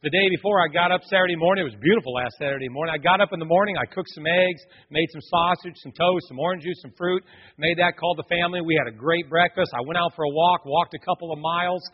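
A middle-aged pastor preaches with lively storytelling and speaks straight to the congregation. His voice is fairly high and husky. It carries a long sanctuary reverb through a dull, muffled recording. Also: fast. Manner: animated storytelling, addresses the congregation directly. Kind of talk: sermon. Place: church sanctuary.

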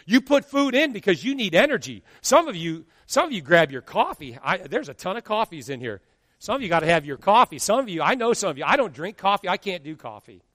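A man in his fifties, a pastor preaching an animated sermon and acting out quotes from his congregation. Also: sits high, fairly quick, no echo, studio quality, in a large hall. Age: 50s.

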